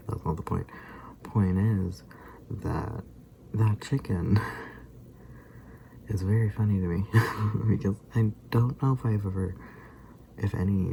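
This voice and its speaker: A man's voice: low-pitched, gravelly, dark tone, a little hiss or hum. A man in his twenties chatting casually in a rambling vlog, chuckling often as he retells things. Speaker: vlogger.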